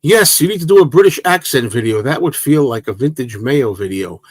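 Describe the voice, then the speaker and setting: A man in his sixties hosts a livestream, answering viewers casually and rambling with many hesitations and restarts. His mid-range voice swings widely in pitch, and he talks briskly with few pauses, sounding slightly rough on a recording with no echo.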